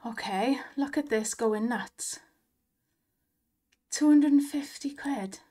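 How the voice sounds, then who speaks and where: A young woman hosting a slot-win video, gushing and giggling in excited commentary. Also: on the high side, slow.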